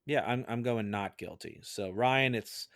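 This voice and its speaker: A man's voice: mid-range voice, measured pace, a bit bright, no echo, studio quality. A man on a podcast jury giving his verdict on a film in a chatty way, with lots of fillers. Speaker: podcast juror. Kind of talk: casual film discussion.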